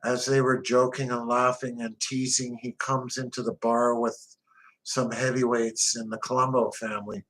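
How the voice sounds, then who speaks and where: A man's voice: medium pitch, level tone, normal speed, fairly bright tone, low-quality recording. A man narrating a first-person crime memoir in a blunt, profane, tough-guy way.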